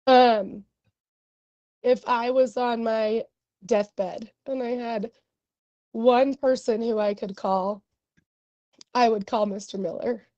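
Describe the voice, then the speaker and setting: A young woman doctor giving earnest, emotional testimony at a hearing, with many pauses and ums. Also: fairly high pitch, fairly even intonation, a little mellow, dry recording, lo-fi sound.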